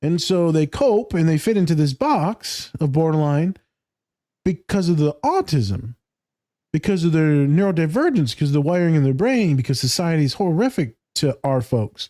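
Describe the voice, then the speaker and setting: Brief: male podcast host, lively pitch, warm mellow tone, casual and profane. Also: normal speed. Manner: animated, swears freely, laughs often. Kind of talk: casual chat.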